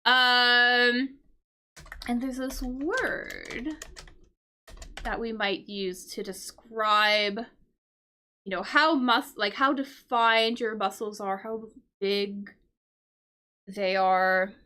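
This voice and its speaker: A woman's voice: fairly high pitch, steady tone, extremely slow, long pauses, sharp tone. A woman teaching English vocabulary through a crossword, explaining patiently with fillers and check-in questions. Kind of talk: casual livestream lesson solving a crossword.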